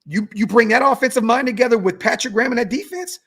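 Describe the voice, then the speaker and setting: A man's voice: extremely high pitch, fast, fairly bright tone, husky. A young man hosting a sports podcast livestream, fired up and cursing as he reads out chat messages and repeats himself. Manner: fired-up, swears, repeats words, reads superchats aloud. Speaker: podcast host reading live chat. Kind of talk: animated sports talk livestream.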